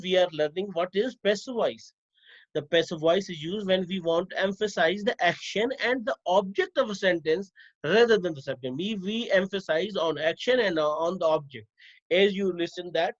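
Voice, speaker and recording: Slow high-voiced male grammar teacher. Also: dull audio. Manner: slow, repetitive explaining to students. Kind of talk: grammar lesson over slides.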